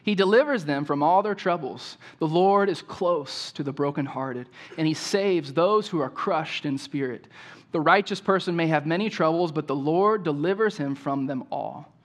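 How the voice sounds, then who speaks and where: A young man with a somewhat high voice preaches a sermon. He reads Scripture aloud and leads the congregation in call-and-response. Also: normal speed. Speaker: pastor.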